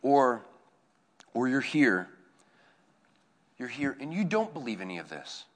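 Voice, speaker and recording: A man, a campus minister preaching a conversational sermon, telling stories that swing from hushed to excited. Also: medium pitch, a little slow.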